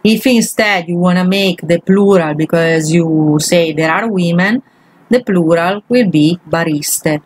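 Speaking a little slowly in a lowish, darkish voice, the woman teaching languages guides listeners patiently through grammar exercises, one step at a time. The audio is poor, with no room sound.

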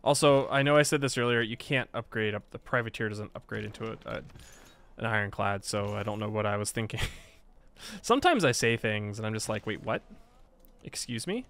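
A man's voice: fairly low pitch, lively intonation, brisk, a bit bright, smooth. A man giving casual Let's Play commentary on a strategy game, chatty and self-mocking, often talking back at the game.

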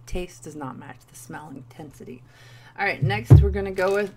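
Goofy woman vlogger in her thirties, lowish voice, faint room hum behind her. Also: moderate pace. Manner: playful, goofy asides. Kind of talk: casual candy review vlog.

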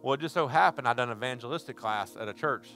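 Man, sermon, folksy storytelling, shouting bursts, bright tense tone, faint music behind. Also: medium pitch, fast talker. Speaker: preacher. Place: church service.

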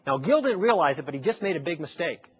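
A man's voice: on the high side, big pitch swings, fast, breathy edge. A man giving a persuasive lecture to a live audience, telling a story and acting out both sides of a conversation with rhetorical questions. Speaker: public speaker.

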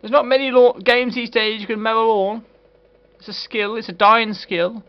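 A man's voice: sits high, level tone, moderate pace. A man doing a comedic game review in a put-on posh voice, sarcastic and full of swearing. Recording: dull lo-fi recording with faint hiss.

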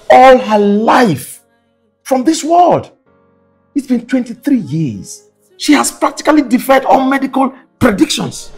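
An actor with a Nigerian accent playing a calm, reassuring doctor who is also the girl's uncle, talking with hesitant restarts. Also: extremely high pitch, gravelly, breathy edge, heavily acted. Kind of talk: film drama acting.

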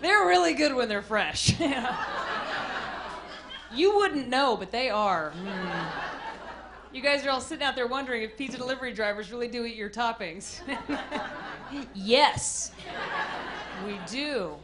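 A woman's voice: on the high side, lively intonation, a little slow, pauses often. A young woman from Texas with a Texan accent, performing a self-deprecating stand-up comedy set on a club stage. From Amarillo, Texas. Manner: drawling, self-deprecating storytelling with frequent laughs. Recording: live club recording with audience noise.

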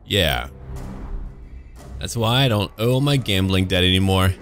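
A man's voice: low-pitched, unhurried, fairly bright tone. A man giving sarcastic, jokey running commentary while playing a video game, over game music. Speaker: gaming YouTuber. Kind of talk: let's play commentary.

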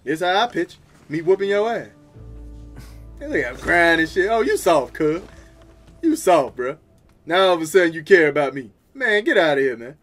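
A man hosts a gaming video with brash, slangy, trash-talking live commentary as he plays, laughing often. His fairly high voice is very animated at a moderate pace, with loud game music behind it.

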